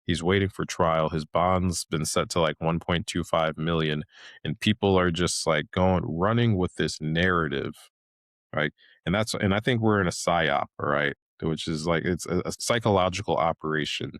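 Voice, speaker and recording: A man's voice: low voice, normal speed, fairly bright tone, no echo, clean studio sound. A man in his thirties hosting a podcast, ranting casually in a loose, rambling way full of fillers and restarts. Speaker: podcast host.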